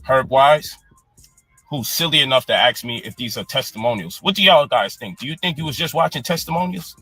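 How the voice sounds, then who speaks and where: A man's voice: mid-range voice, lively intonation, fairly quick, bright, forceful tone, husky, faint music behind. A man in a heated, profane live-stream rant, angry and exasperated. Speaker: online personality defending his program.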